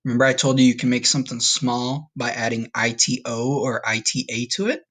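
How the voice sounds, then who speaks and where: A man teaching a recorded Spanish vocabulary lesson, patient and upbeat, slowing down to repeat each word. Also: medium pitch, level tone, fairly bright tone. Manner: patient, slow repetition drills with upbeat asides.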